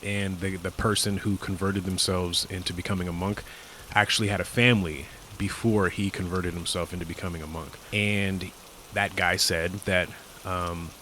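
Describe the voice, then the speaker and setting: A man's voice: deep voice, fairly even intonation, normal speed, pushed and bright, a little hiss or hum. A man hosting a podcast, talking in a casual, reflective monologue that rambles with many fillers and restarts. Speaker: podcast host.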